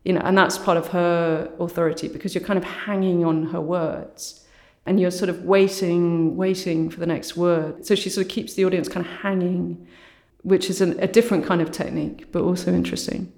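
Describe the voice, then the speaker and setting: A woman artist with a low voice, speaking thoughtfully as an interview guest and often saying "you know" and "sort of". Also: flat delivery, moderate pace, darkish tone. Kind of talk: reflective conversational interview. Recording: roomy echo.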